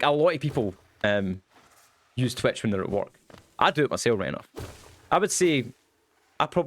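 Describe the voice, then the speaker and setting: A young man chatting casually while streaming a game, goofy and quick, with lots of ums. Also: mid-range voice. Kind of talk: casual livestream chat while gaming.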